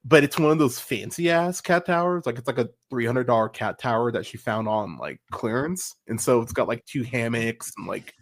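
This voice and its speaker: A young man from the US hosts a casual podcast livestream, talking at an ordinary mid pitch. He rambles through his points, leans on fillers and swears freely. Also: moderate pace, few pauses. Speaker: podcast host.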